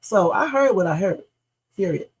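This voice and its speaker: A woman's voice: medium pitch, animated, normal speed, husky, rough recording. A woman streaming reaction commentary in a casual, blunt, opinionated way, often tossing in "okay?" and the odd swear word.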